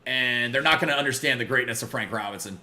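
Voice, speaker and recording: A man hosting a casual live game stream, greeting viewers by name and reacting loudly to big plays. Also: mid-range voice, fast talker, echoey room, slight background noise. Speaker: livestream gamer.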